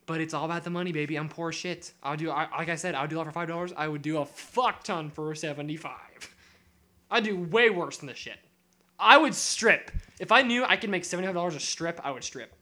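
A young man on a podcast, telling a story in casual chat, animated and swearing often while he acts out what others said. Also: a little high, brisk. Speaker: podcast co-host.

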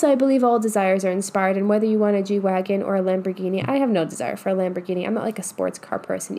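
Casual, profane woman coach with a mellow voice. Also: medium pitch. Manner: casual, swears often, emphatic. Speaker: manifestation coach. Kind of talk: motivational monologue.

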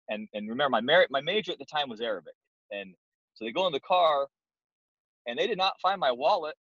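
Speaking as a guest, this young door-to-door sales manager recounts a self-deprecating tale casually and plainly. His pitch is medium and his tone fairly bright; the lo-fi recording sounds dull and dry, with no room sound.

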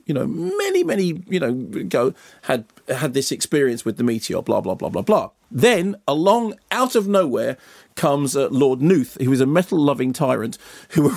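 A man's voice: medium pitch, vocal fry, no room sound, clean studio sound. Rambling male film critic. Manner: rambling, digressive, animated storytelling. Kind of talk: radio film review chat.

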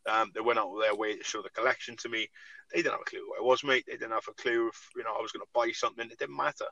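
A man's voice: medium pitch, little pitch movement, racing, gravelly, bright, forceful tone, no room sound, highs cut off. A man co-hosting a podcast in casual chat. He is enthusiastic and keeps dropping in "mate" and "you know what I mean". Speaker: podcast co-host.

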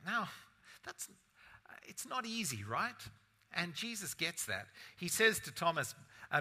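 A man's voice: high-pitched, very animated, measured pace, long pauses, bright, forceful tone. A man preaching a sermon as a pastor, in a conversational style full of rhetorical asides to the congregation.

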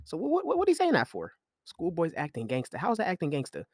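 A young man hosting a podcast, talking sports in loose, slangy, animated commentary with frequent laughs. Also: high-pitched, very fast, no echo, studio quality. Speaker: podcast host. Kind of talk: casual commentary.

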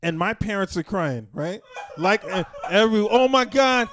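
A man's voice: sits high, moderate pace, slight background noise. A man co-hosting a casual podcast debate, telling stories animatedly and acting out the people in them. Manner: animated storyteller, acts out quotes. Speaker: podcast co-host.

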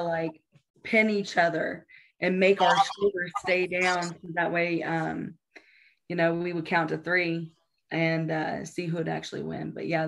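A professional wrestler in her twenties answers interview questions matter-of-factly in a casual chat, her voice lowish and creaky.

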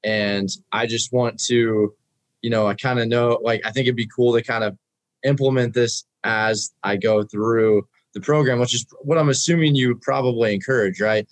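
A man's voice: medium pitch, fairly even intonation, normal speed, no echo, low-quality recording. A man interviewing, asking rambling questions full of fillers. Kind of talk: casual interview.

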